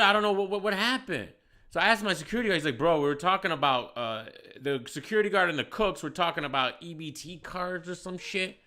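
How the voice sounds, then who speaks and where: Animated, bright-voiced male podcast host. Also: on the high side. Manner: animated storyteller, loud when acting out shouting; profane, slangy. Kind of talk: casual podcast chat, storytelling.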